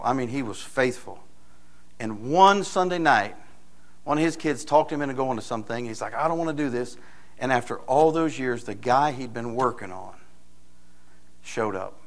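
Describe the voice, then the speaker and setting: A man preaching a sermon in a folksy storytelling manner, building to loud, emphatic points. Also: a little high. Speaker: pastor.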